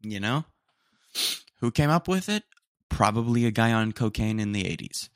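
A man's voice: on the low side, lively intonation, moderate pace, a bit bright, no echo, studio quality. Rambling young man saying "dude" a lot. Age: young adult. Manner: rambling, slangy, says "dude" often, mock-indignant. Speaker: podcast host. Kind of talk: casual solo podcast rant. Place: room at home, roommates nearby.

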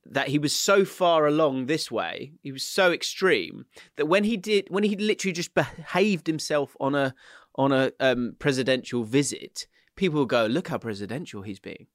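A man's voice: medium pitch, lively intonation, normal speed, no echo, clean studio sound. A man co-hosting a football podcast, talking in a rambling, hedging way and teasing his co-host. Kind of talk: casual chat.

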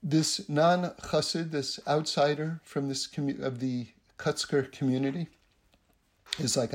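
A man telling a story in a lively way, acting out the voices of the people in it and laughing between lines. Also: mid-range voice, moderate pace, vocal fry. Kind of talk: animated storytelling talk.

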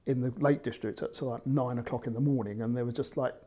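A man's voice: medium pitch, fairly even intonation, quick pace, warm tone. A man, a football fan, telling an away-trip story in a hesitant way, with many fillers and restarts. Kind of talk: casual storytelling.

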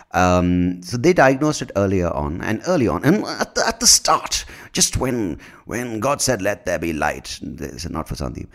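On his own podcast, a man with a low, gravelly voice talks in a loose, meandering monologue. He mocks himself, swears a lot and fumbles his words.

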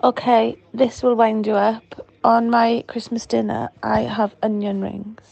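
A blunt, opinionated woman leaving a voicemail, her voice very gravelly and flat in pitch. The recording sounds dull and lo-fi. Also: unhurried. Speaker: caller.

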